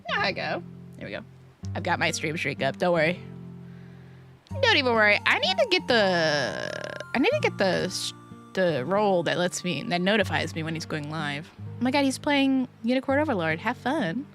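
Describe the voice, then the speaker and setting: A woman's voice: on the low side, very animated, moderate pace, a bit bright, soft background music. A woman streamer chatting casually to her chat while she plays, rambling and restarting her sentences.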